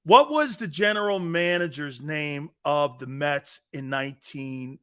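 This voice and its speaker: A middle-aged man runs a casual sports talk show in a voice pitched a little high. He rambles, restarts his sentences and bursts out loud to call to his studio crew. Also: measured pace, smooth. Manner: rambling, repeats words and restarts. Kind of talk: casual sports radio chat.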